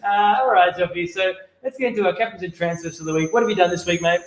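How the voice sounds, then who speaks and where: Playful young Aussie male co-host, high voice, echoey room. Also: fast, noisy background. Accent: Australian. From Australia. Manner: playful, jokey banter. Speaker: podcast co-host. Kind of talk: casual live-stream chat.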